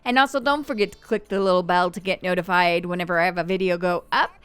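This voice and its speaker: A woman hosting a let's play, chatty and excitable, with gasping reactions. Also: lowish voice, fast talker, clean tone, no echo. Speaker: gaming channel host.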